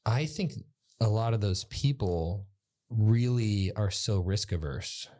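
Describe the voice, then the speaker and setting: A man co-hosting a casual podcast, with a deep, warm voice. He mostly backs up his partner with short replies and drops in light jokes. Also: animated, slow. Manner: joking, short agreeing replies. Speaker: podcast co-host. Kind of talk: casual business podcast chat.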